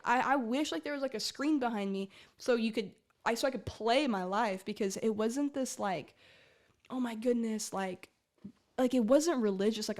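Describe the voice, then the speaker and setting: A young woman in her twenties talks through her faith story in a loose, heartfelt ramble. She keeps circling back with "like" and false starts, speaking straight to the listener in a voice of ordinary middle pitch. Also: creaky, a little mellow. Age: 20s. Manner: earnest, rambling, heavy use of "like". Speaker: faith podcast host. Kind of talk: casual personal testimony.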